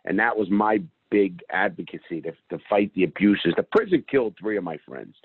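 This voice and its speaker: Middle-aged man, blunt streetwise storyteller, lowish voice, tinny phone-line sound. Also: lively intonation, fairly quick, husky, no echo. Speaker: interview guest. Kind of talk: storytelling in interview. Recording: phone-like call audio.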